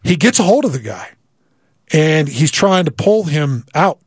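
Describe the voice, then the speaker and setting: A man recounting a personal story in an animated way, stumbling and repeating words as he builds the scene. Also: on the high side, a little slow, breathy edge, dry recording, studio quality. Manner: vivid, repeats words, acts out quoted voices. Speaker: guest telling a story.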